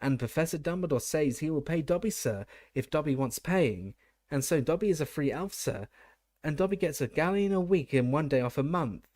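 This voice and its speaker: A man voicing an excitable male house elf who squeaks and calls himself by name in a storybook reading. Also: moderate pace, no echo, clean studio sound, close to an everyday voice. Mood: eager. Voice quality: squeaky, shrill. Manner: speaks of himself in third person, keeps saying sir.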